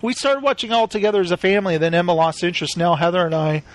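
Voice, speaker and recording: A man hosting a casual podcast, telling animated stories and slipping into quick voice impressions. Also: sits high. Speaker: podcast host.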